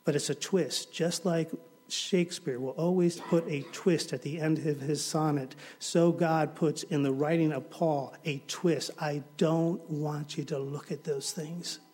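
A man preaching a sermon, telling stories dramatically and swinging from hushed to loud. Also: on the high side, fairly even intonation, unhurried, breathy edge.

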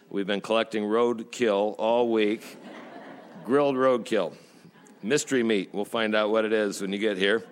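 A man preaching as a pastor in a church, telling jokes in a folksy way and slowing down for emphasis. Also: on the low side. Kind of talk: sermon.

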